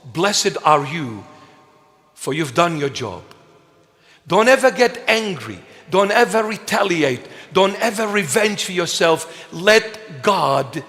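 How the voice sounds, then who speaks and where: A man preaching a sermon as a bishop, emphatic and slow, with playful asides to the congregation. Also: on the high side, a bit bright. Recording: long reverb of a large hall.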